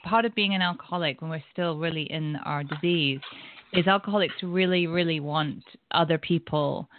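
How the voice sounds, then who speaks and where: A woman co-hosting a podcast, calmly sharing her own reflective views in casual conversation. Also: low-pitched, normal speed, a little hiss or hum. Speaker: podcast co-host. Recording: dry tinny phone-like audio.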